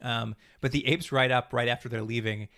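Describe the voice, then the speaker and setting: A man's voice: mid-range voice, fairly even intonation, a bit bright. A man co-hosting a podcast, recapping an episode in a rambling, casual way and acting out the characters' lines. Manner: fast, rambling retelling with acted-out quotes and laughs. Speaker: podcast co-host.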